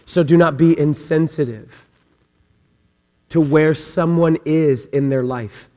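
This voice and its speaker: Male pastor, animated and playful preaching, fairly high voice, recorded in a big echoing sanctuary. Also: slow. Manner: animated, humorous, acts out voices. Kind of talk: sermon. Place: church sanctuary. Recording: long hall reverb.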